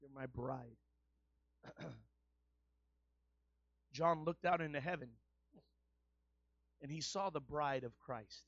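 A man preaching a sermon, shifting from a conversational, folksy delivery to loud, repetitive exhortation. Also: fairly high pitch, slow pace, long pauses, no room sound, dull audio. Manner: builds to loud, repetitive call-and-response preaching.

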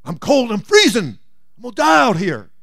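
A man's voice: sits high, huge pitch swings, moderate pace, creaky, a bit bright, pitched above the performer's own voice, full character voice. A man voicing a sly talking snake that stands for the devil, whining and begging to be taken in from the cold. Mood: wheedling. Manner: wheedling, whining, promising.

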